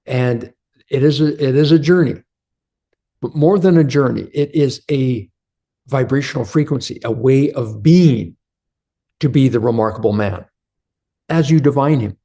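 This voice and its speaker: Earnest, mellow-voiced motivational man. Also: medium pitch, a little slow, pauses often. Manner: earnest, preachy, repeats affirmations. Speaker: motivational host. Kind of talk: motivational video talk.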